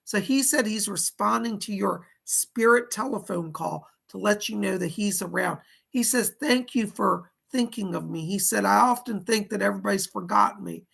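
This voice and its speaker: A man hosting live psychic readings. He relays spirit messages with a steady "he said", and he reads viewer donations aloud and thanks each viewer. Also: sits high, normal speed, gravelly, few pauses, husky. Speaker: psychic medium host.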